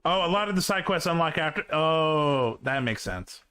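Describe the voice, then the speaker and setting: Bright-voiced young male streamer. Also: a little high, animated, moderate pace, slight background noise. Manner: rambling, with frequent restarts and filler. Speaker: VTuber streamer hosting a reaction stream. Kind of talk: casual live-stream chat.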